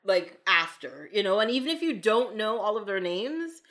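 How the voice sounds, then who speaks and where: A woman co-hosting a casual movie podcast, talking in an animated way, laughing often and acting out quotes. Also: mid-range voice, normal speed. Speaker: podcast co-host. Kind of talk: casual chat about movies.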